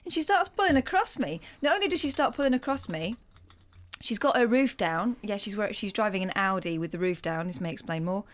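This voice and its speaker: An animated woman co-hosting a radio podcast, telling an anecdote in casual chat. Her pitch moves widely as she acts out the people in her story. Her voice sits mid-range. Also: a little fast. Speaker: radio co-host.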